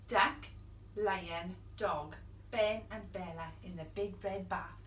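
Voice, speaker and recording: A young woman reads a picture book aloud to children, playful and dramatic, with hushed whispers and gasps. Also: mid-range voice, takes it slowly, roomy sound, distant mic, a little hiss or hum. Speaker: children's storyteller.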